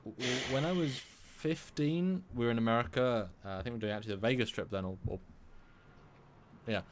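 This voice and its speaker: A man from England co-hosting a live stream discussion, talking in an animated, rambling way with many restarts. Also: mid-range voice, brisk, a little hiss or hum. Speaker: co-host.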